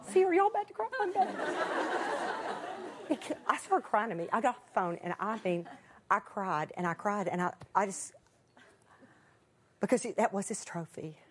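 A woman preaching to a live audience, telling a personal story in a folksy, chatty way, with emotional swings from excited to hushed. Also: mid-range voice, a little slow, long pauses. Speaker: Christian speaker.

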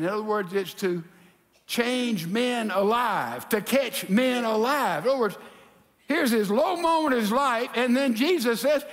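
A pastor preaching a sermon in a lively, animated way, acting out the people in his story. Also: sits high, unhurried. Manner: animated preaching, acts out quotes. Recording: reverberant hall.

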